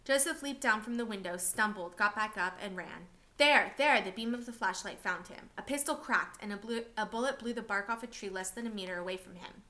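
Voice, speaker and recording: A woman reading a novel aloud for a class, steady and expressive. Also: medium pitch, fairly quick, hardly any pauses.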